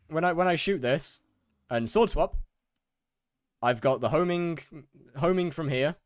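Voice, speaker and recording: In a clean, dry studio recording, a young British streamer with a mid-range voice chats casually while gaming. He frequently stammers and repeats himself as he talks to his viewers.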